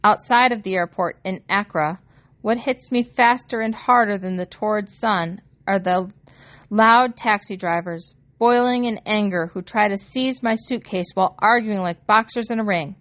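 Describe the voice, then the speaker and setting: A woman's voice: medium pitch, normal speed, fairly bright tone. Wry woman reading an audiobook. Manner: wry, observant, conversational. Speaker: audiobook narrator. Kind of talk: first-person audiobook narration.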